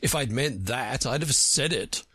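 A man's voice: medium pitch, lively intonation, measured pace, bright, forceful tone, slightly rough, dry recording, clean studio sound, full character voice. A man voicing a pompous, touchy male know-it-all from a storybook who lectures everyone he talks to. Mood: lecturing. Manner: self-important, lecturing.

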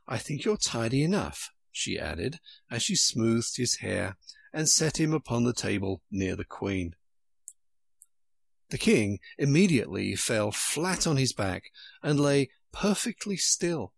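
A man narrating a storybook aloud with an expressive storytelling cadence. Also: medium pitch, gravelly, dry recording. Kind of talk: audiobook narration.

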